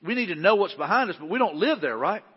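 Male pastor, middle-aged, folksy sermon delivery, higher voice, muffled church-hall recording. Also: expressive, quick pace, breathy edge. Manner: folksy, conversational with frequent restarts.

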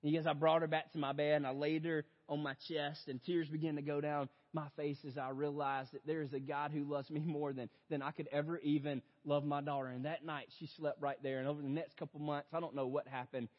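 Young male pastor telling a sermon story, loud bursts and quiet turns, slightly high pitch, dull sound. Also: little pitch movement, brisk, few pauses. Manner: storytelling, addresses audience as "you guys"; swings from loud outbursts to hushed reflection. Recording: dull lo-fi sound in a big reverberant hall.

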